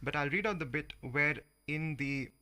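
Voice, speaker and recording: A man from India hosts a community radio program from the studio. His voice is bright and a touch high, and he reads a comic poem aloud at a slow, measured pace, giving the animals playful voices. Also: clean tone. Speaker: radio host.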